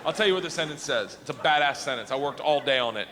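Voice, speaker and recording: Rowdy stand-up comic in a big hall. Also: male voice, a little high, lively intonation, fast talker, few pauses. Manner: loud, rowdy, laughing through punchlines. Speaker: stand-up comedian. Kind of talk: stand-up storytelling. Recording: live show in a hall, audience noise.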